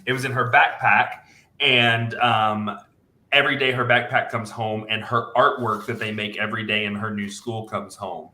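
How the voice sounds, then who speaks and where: A man chatting on a casual podcast, telling stories in a halting, self-interrupting way, recorded in an echoey room. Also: lowish voice, steady tone, bright, forceful tone, a little hiss or hum. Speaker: podcast panelist.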